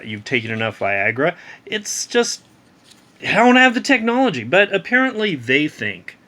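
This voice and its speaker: A man's voice: medium pitch, pushed and bright. Exasperated man ranting about a comic. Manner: exasperated, ranting, frequent restarts. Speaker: comic book reviewer. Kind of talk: casual spoken review.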